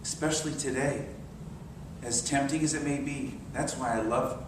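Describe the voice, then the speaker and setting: A man in his sixties preaching a sermon, telling stories and dropping to soft meditative tones. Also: medium pitch, animated, normal speed, background noise. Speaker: minister. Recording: very echoey hall, mic far off.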